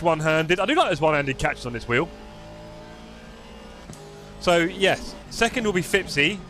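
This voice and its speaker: This English man's voice is on the high side, bright and forceful. He jokes around and talks to his live-stream chat while driving a racing sim, speaking into a desktop USB mic.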